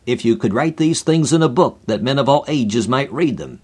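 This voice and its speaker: A courteous male assembly chairman who speaks formally and with measure, as a man reading a radio sermon voices him. His pitch sits in the middle. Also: lively intonation, moderate pace, darkish tone, slightly rough. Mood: humbled.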